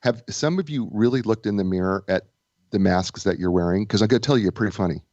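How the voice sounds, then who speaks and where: A man speaking as a guest author and business coach, telling stories in a lively way with frequent restarts. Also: lowish voice, fast talker, dry recording, lo-fi sound. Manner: animated storyteller, stammering restarts. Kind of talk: casual interview chat.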